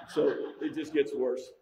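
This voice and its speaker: A middle-aged man preaching a humorous sermon, telling stories with lots of restarts. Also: medium pitch. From Italian-American. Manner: joking, storytelling, many restarts. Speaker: pastor. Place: large church hall. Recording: echoey church hall.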